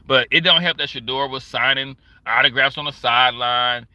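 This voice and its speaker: A man livestreaming a casual, profane and emphatic rant, talking fast and loose as he works himself up. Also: mid-range voice, sharp tone, no echo. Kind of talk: casual ranting commentary.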